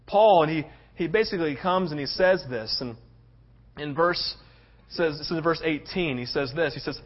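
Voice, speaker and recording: A male pastor preaching a sermon, passionate, swinging between loud urgency and hushed tenderness. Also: a little high, animated, normal speed. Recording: dull lo-fi sound.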